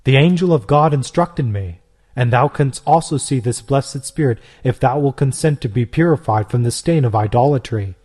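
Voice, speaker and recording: A man's voice: medium pitch, animated, normal speed, a little mellow, close to an everyday voice. A man reading aloud, voicing a fervent young male Christian convert who speaks with solemn, earnest persuasion. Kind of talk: storybook reading.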